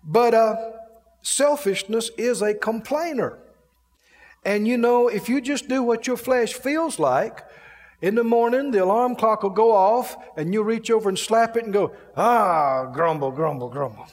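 A man's voice: extremely high pitch, unhurried, darkish tone. A man preaching a sermon in a playful way, with his own laughter between points. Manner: playful, mimics grumbling, laughs often. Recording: long hall reverb.

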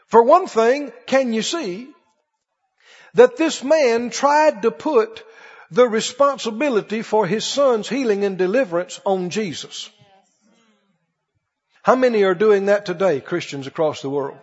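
A man's voice: high-pitched, measured pace, darkish tone, slightly rough. A man preaching a sermon with passion, acting out pleading prayers and the lines of scripture. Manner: impassioned, acts out pleading prayers and quotes. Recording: dull sound in a reverberant hall.

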